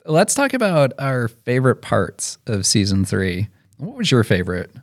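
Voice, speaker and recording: A man's voice: medium pitch, wildly swooping pitch, moderate pace. A man hosting a podcast in a casual, chatty way, laughing often. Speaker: podcast host. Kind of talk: casual chat.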